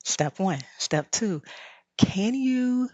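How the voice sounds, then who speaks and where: A woman's voice: mid-range voice, expressive, extremely slow, a little mellow, no echo, lo-fi sound. A woman with a Southern US drawl, a rest teacher and podcast guest, talking in a reflective, guiding way and laughing often. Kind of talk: podcast conversation.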